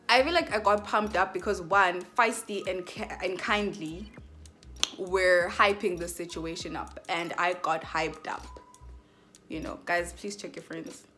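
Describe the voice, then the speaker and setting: A woman's voice: on the low side, fairly bright tone. A young woman from Southern Africa telling a rambling storytime in casual slang, with lots of "like". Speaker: vlogger.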